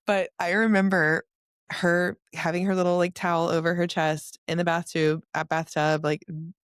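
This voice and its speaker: A woman's voice: on the low side, little pitch movement, moderate pace, clear, resonant tone, no room sound, clean studio sound. A woman hosting a podcast in a casual, heartfelt chat, telling stories with many "like" fillers. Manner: warm gushing storyteller, many "like" fillers. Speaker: podcast host. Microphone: studio microphone.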